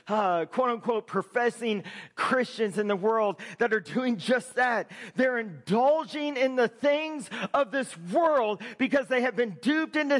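Male pastor, very high voice, sermon delivery with loud shouted peaks. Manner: preaching with rising shouted emphasis.

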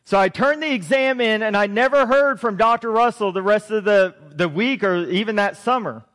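Earnest high-voiced male pastor preaching. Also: moderate pace, fairly bright tone. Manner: earnest, emotional storytelling. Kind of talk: sermon with personal story.

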